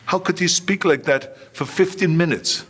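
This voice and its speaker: A man's voice: sits high, normal speed, a bit bright, breathy edge. A man telling stories emphatically in an interview, repeating phrases. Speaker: guest. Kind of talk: storytelling interview.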